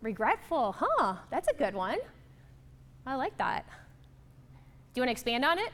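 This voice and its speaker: Woman, workshop facilitator, fairly high voice, encouraging, affirming. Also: very animated, moderate pace, fairly bright tone. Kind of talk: interactive workshop talk.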